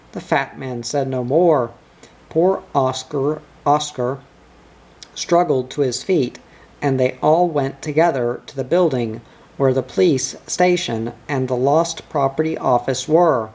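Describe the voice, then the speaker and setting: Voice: mid-range voice, unhurried, a little mellow, husky. A narrator reading a children's storybook aloud.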